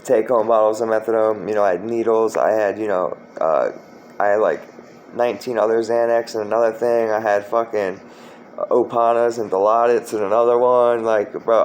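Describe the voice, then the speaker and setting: A man's voice: on the low side, darkish tone, slight background noise, rough recording. A man from Florida telling a story from his past in a rambling, profane way, full of fillers and restarts. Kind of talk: casual spoken storytelling.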